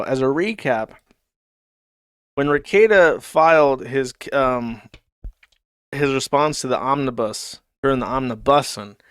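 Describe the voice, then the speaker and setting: A man's voice: medium pitch, dry recording, clean studio sound. Sarcastic, profane male streamer. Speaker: streamer host. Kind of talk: casual commentary reading posts aloud.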